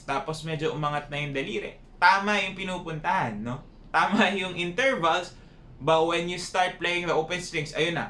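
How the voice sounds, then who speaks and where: A man's voice: mid-range voice, a bit bright. Man, Filipino accent, violin teacher, casual lesson, frequent tag questions, echoey room. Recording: echoey room with faint noise.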